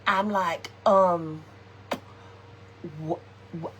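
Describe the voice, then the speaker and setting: A woman telling a funny personal story to her viewers in a chatty, animated way, tossing in "y'all" and "okay" often. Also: on the low side, drawn-out words, slight background noise. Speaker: craft shop host.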